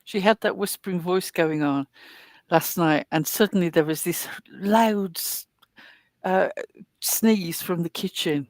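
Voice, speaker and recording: A woman's voice: on the low side, measured pace, dry recording. A woman co-hosting a casual gossip chat, blunt and sarcastic in her remarks. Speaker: co-host.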